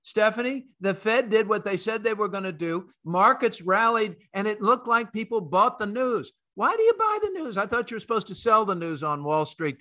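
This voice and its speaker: A man's voice: high-pitched, pushed and bright. A man hosting a financial talk show, chatty and jovial, with frequent fillers and restarts. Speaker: host and chief market strategist.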